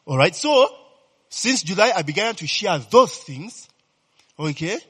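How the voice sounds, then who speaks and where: A man preaching a sermon in a lively, animated way, often checking in with his listeners by asking if they understand. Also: sits high, a little slow, breathy edge, big-room sound. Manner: animated, repeatedly asks "you understand, eh?".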